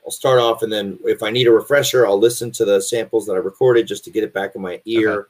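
Lower-voiced man explaining his craft. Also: fairly even intonation, quick pace. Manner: thoughtful, explaining his craft with many restarts. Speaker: guest voice actor and audiobook narrator. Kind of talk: casual interview chat.

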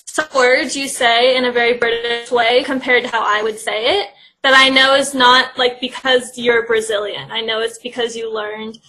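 Woman explaining stuff, bright slightly high voice, says like a lot. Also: level tone, normal speed, poor audio. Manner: explains at length, many fillers like "like". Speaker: former English teacher in Brazil. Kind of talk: casual chat.

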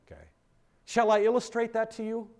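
A man's voice: extremely high pitch, monotone, a little fast, a little mellow. A man, a pastor, teaching a Bible study in a conversational way, often checking in with the group and poking fun at himself. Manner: self-deprecating humor.

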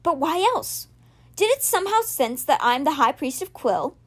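A woman voicing an anxious, scheming young male high priest in a storybook reading, muttering and sometimes barking orders. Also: big pitch swings, moderate pace. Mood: uneasy.

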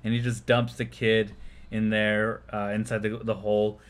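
A man's voice: on the low side, completely flat delivery, normal speed, smooth. A man co-hosting a podcast, casually retelling a film scene by scene and laughing often. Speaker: podcast co-host. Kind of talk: casual chat recapping a film.

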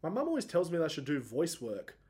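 A man's voice: fairly high pitch, huge pitch swings, fast talker, darkish tone. A man in his thirties hosting a solo podcast, rambling and self-mocking, his voice cracking upward when he gets emotional. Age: 30s. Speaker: podcast host.

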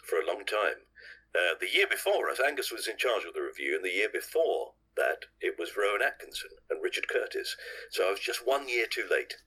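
A man's voice: fairly low pitch, sing-song, fairly quick, sharp tone, rough recording. An older English man, a guest on a podcast, telling rambling anecdotes with self-corrections and chuckles. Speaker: podcast guest, actor and singer. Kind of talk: anecdotal interview chat.

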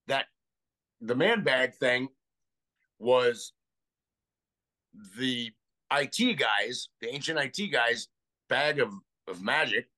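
A man's voice: mid-range voice, lively intonation, takes it slowly, long pauses, pushed and bright, poor audio. Rambling American man thinking aloud. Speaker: guest researcher. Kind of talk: casual podcast conversation.

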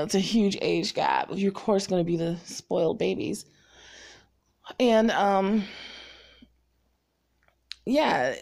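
A woman hosting her own podcast, talking casually and rambling with lots of fillers and quick bursts. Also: medium pitch, vocal fry, darkish tone. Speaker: podcast host. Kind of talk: casual solo podcast monologue.

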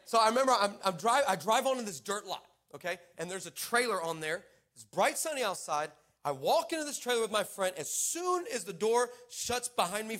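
A man preaching a sermon in church, telling a funny story in an animated, playful way and teasing the congregation. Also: high-pitched.

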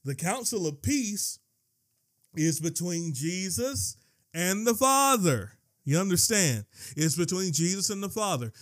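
High-voiced excitable male preacher. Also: unhurried. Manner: excitable preaching, swinging from quiet reading to yelling; repeats and restarts words when worked up. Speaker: pastor. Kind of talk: sermon.

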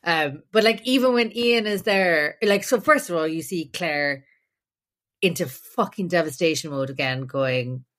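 A woman's voice: lowish voice, a little slow, a bit bright. A young woman co-hosting a podcast, chatting casually and rambling with many fillers and restarts. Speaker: podcast co-host. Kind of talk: casual chat.

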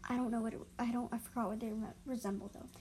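A woman's voice: fairly high pitch, fairly even intonation, racing, warm tone, low-quality recording. A woman telling an improvised story about animals, hesitant and full of fillers and self-corrections.

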